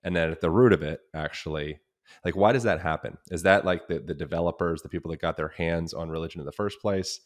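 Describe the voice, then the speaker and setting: A man's voice: deep voice, fast talker. A man hosting a podcast, thinking aloud in a searching, conversational way. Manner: thoughtful, searching, with restarts. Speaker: podcast host. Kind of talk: casual interview talk.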